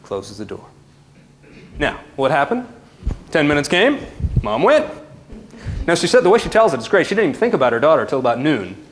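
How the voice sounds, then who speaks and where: A man who works as a parenting counselor, telling a story to a live audience with animated shifts between loud and hushed delivery. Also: a little high, a little fast, long pauses.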